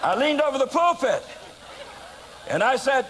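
A man from the United States preaching, telling a story from the pulpit and swinging from quiet asides to loud acted shouts. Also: very high-pitched, wildly swooping pitch, moderate pace, long pauses, slight background noise, rough recording. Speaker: evangelist preacher. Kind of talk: sermon storytelling.

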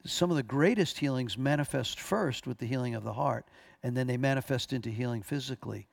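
A man's voice: medium pitch, brisk, creaky, dry recording. A man teaching a church class as pastor, telling stories earnestly with frequent restarts.

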